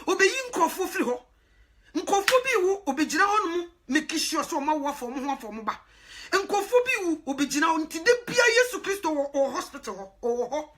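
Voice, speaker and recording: A woman evangelist preaches with a high, lively voice. Her tone is bright and sharp, dropping to hushed asides, then rising to loud exclaims. She breaks into laughter often as she speaks. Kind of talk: sermon.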